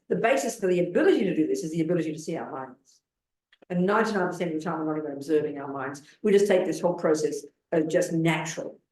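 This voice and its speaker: A woman in her seventies, a Buddhist nun giving a dharma talk in a blunt, emphatic way, pressing her listeners with rhetorical questions. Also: low-pitched. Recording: roomy hall sound.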